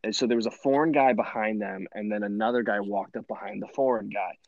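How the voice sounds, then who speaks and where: A young man telling stories in a rambling podcast chat, animated and full of fillers and laughs. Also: fairly low pitch, fast, creaky, no room sound, highs cut off. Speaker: podcast host. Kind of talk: casual storytelling chat.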